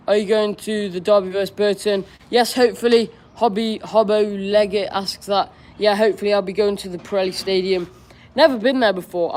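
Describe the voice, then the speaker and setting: A young man hosting a live-stream Q&A, reading viewers' questions aloud and answering in a chatty, candid way with casual slang. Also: sits high. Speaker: football fan streamer.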